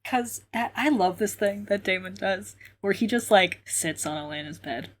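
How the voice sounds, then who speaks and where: A woman's voice: mid-range voice, animated, normal speed. A woman co-hosting a podcast, retelling scenes in casual chat with quoted lines and frequent laughter. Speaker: podcast co-host.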